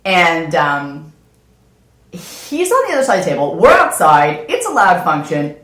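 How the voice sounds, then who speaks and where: A woman hosts a casual podcast chat and tells a story with animated energy. Her voice sits low but swings widely in pitch. The sound is roomy, with noticeable echo. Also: a little slow. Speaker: podcast host.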